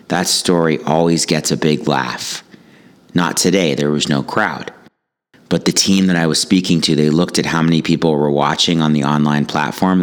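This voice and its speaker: A man with a remarkably deep, low voice tells a personal story. He speaks as a yoga teacher and speaker, calm and reflective, with a wry sense of humor running through the anecdote. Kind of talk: storytelling monologue.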